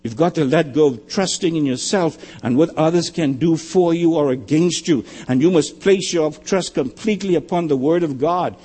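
An older male pastor preaching a sermon, building emphatically on repeated phrases and then dropping to quiet asides. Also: moderate pace, few pauses, slightly rough. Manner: emphatic preaching, swelling louder and higher on key phrases.

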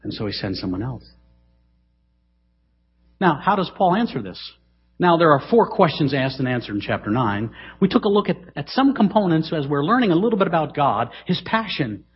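A middle-aged man preaching a sermon in a church, dramatic, swinging between loud emphasis and hushed asides. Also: on the high side, very animated, moderate pace, breathy edge. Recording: dull, lo-fi sermon recording.

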